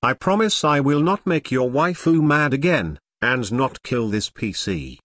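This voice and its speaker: A man's voice: medium pitch, expressive, a little slow, fairly bright tone, no echo. A young man caught misbehaving, voiced by a synthetic male voice, explaining himself in an ordinary register. The sound is dry and close. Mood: sheepish. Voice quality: synthetic text-to-speech voice. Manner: explaining, promising. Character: young male troublemaker, sheepish.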